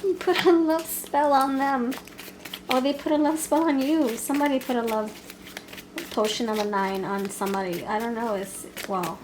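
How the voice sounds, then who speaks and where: A woman's voice: a little high, noisy background. A woman giving a casual pick-a-card tarot reading, playful and chatty, laughing often as she talks. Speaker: tarot reader.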